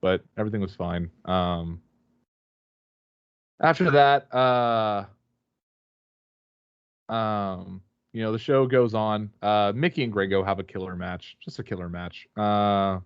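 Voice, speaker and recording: A man's voice: on the low side, slow pace, pauses often, clean tone, dry recording, dull audio. A man guest on a remote call, telling a rambling, swear-filled story with many fillers and restarts. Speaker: podcast guest, wrestler. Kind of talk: casual storytelling chat.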